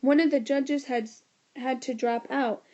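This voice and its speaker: A woman's voice: high voice, fairly even intonation, measured pace, a little mellow, muffled recording. A woman voicing a cheerful male school principal with a jovial, curious manner in a storybook reading.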